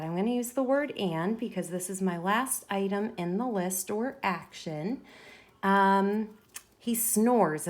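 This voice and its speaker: Slow, deliberate woman teaching writing. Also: mid-range voice. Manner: slow, deliberate, sounding words out while writing. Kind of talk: classroom writing lesson, modeling aloud.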